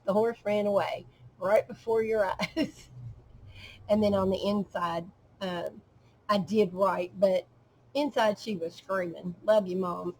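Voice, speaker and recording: A middle-aged woman showing a handmade journal in casual show-and-tell narration, at an unhurried pace with frequent ums and trailing pauses, at home. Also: medium pitch, darkish tone, slight background noise, low-quality recording.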